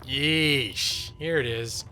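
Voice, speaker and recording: A man's voice: mid-range voice, extremely slow, pushed and bright, faint music behind. Jokey, giggly man streaming a game. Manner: jokey, giggly, self-mocking. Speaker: gaming streamer and lawyer. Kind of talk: casual live-stream commentary.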